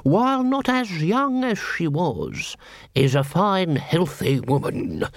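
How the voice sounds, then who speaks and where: A man voicing an old-fashioned male lawyer who drones on slowly in a raised, reedy voice. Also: a little high, very animated, no room sound, studio quality, pitched above the performer's own voice, exaggerated voice. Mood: droning. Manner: slow, droning, reedy.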